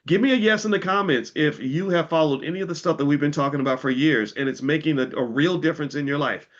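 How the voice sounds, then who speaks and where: A man's voice: fairly high pitch, fast talker, lo-fi sound. A middle-aged man giving a finance talk on a livestream, preachy and repetitive, turning heated and profane at times. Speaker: finance educator.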